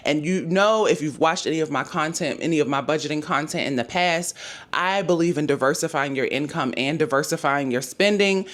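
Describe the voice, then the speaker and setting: A woman in her thirties, hoarse from losing her voice, chatting casually through her monthly budget numbers and talking straight to her viewers. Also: deep voice, fairly quick. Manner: chatty, addresses viewers as "y'all", thinks aloud over numbers. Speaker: budgeting YouTuber.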